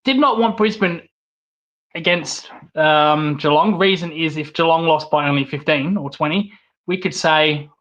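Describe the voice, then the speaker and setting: A man's voice: a little high, measured pace, a bit bright, highs cut off. A young man hosting his own vlog, talking bluntly and casually about his football club with fillers, restarts and the odd swear. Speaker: vlog host and football fan. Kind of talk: casual opinionated monologue.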